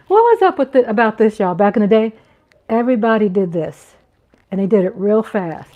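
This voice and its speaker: A woman's voice: mid-range voice, steady tone, moderate pace, narrow, tinny audio. A woman in her fifties hosting a casual livestream, reading chat comments aloud with playful giggles and little sung riffs. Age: 50s. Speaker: livestream host.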